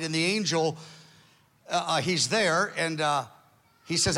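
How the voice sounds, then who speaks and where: A man's voice: on the high side, moderate pace, bright, forceful tone. A man preaching a sermon, earnestly retelling a story with quoted dialogue and pressing his point with intensity. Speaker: pastor.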